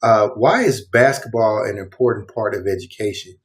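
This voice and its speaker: A man hosting a casual panel, relaxed and jokey, asking questions with easy fillers. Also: lowish voice, moderate pace. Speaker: host.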